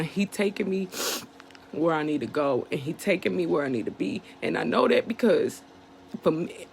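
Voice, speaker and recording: A woman with a lowish, fry-tinged voice talks candidly and emotionally to her viewers in a personal vlog monologue to camera. Her speech is casual and slangy, full of "you know what I'm saying," with slight background noise.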